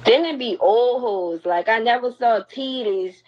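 A woman's voice: a little high, a little slow. A young woman on a live stream, bluntly and confrontationally scolding the people watching. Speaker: livestreamer. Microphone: phone. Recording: lo-fi phone livestream audio.

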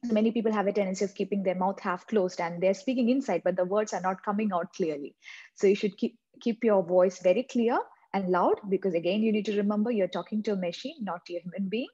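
A woman's voice: mid-range voice, fast talker, warm tone, slightly rough, lo-fi sound. A woman with a non-native English accent, teaching an exam-prep lesson and repeating key points to drive them home. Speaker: exam coaching tutor. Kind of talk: instructional tutorial.

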